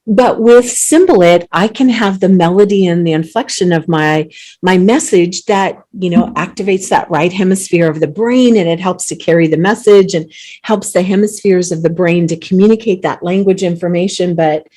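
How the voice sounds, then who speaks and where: Enthusiastic woman host, lower voice. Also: moderate pace. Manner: enthusiastic, animated emphasis; repeats words when starting phrases. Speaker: host, company CEO. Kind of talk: conversational interview.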